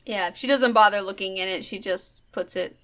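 A woman's voice: medium pitch, moderate pace, a bit bright. Woman player, casual and searching. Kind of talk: casual chat, tabletop role-play.

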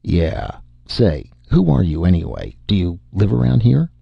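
A man voicing a burly, blunt middle-aged farmer who talks in a drawling, gruff way. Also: sits low, very animated, a little slow, no echo, highs cut off, full character voice.

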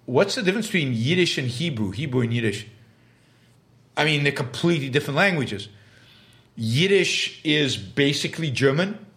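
Hosting a live stream, a man reads viewer questions aloud and answers them haltingly and emphatically, frequently restarting his words. His voice sits in the mid range with a fairly bright tone.

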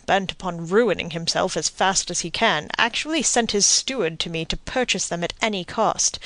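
A woman voicing a pompous middle-aged banker in an audiobook, talking in a smooth, cajoling way. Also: medium pitch, a bit bright, dry recording.

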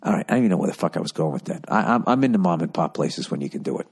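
Low-voiced man ranting on a podcast. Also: animated, very fast, slightly rough. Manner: profane, rambling and exasperated; storytelling with voiced asides. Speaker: podcast host. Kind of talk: solo podcast rant.

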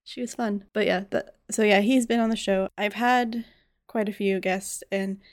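A woman hosting a podcast in casual chat, chatty and quick to laugh, often trailing off and restarting her sentences. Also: mid-range voice, fairly even intonation, no echo, clean studio sound. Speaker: podcast host.

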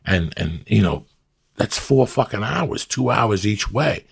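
Deep gravelly profane New man. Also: expressive, takes it slowly. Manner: profane, blunt, rambling storyteller. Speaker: podcast guest, actor and comic. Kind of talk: casual chat.

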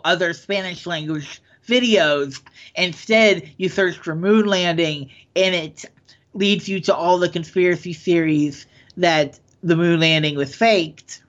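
A man's voice: high-pitched, slow pace, fairly bright tone. Man reading odd news, dull sound. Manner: reads news items, stumbles and corrects himself. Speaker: podcast co-host. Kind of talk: casual news chat.

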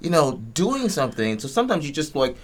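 A man who produces and directs audio drama, explaining in a lively way during a casual panel chat. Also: fairly high pitch, fast.

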